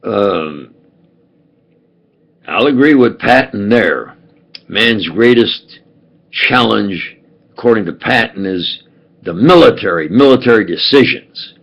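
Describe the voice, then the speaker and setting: Older new york guy rambling to camera, gravelly voice, pitch jumping all over. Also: expressive, fairly bright tone, rough recording. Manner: halting, wandering, many fillers and restarts. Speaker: video blogger. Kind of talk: rambling monologue.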